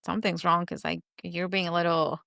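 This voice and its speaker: A woman's voice: lowish voice, little pitch movement, fairly quick, vocal fry, pushed and bright, no echo, studio quality. A woman in her thirties co-hosting a podcast, talking candidly and emotionally and mixing Spanish phrases into her English. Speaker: podcast co-host. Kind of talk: casual chat.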